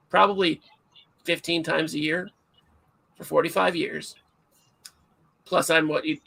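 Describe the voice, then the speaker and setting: A middle-aged man hosting a livestream, chatting casually and telling stories in an animated, self-mocking way. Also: on the high side, vocal fry, slightly rough. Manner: animated storyteller, self-mocking, acts out shouts. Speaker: livestream host.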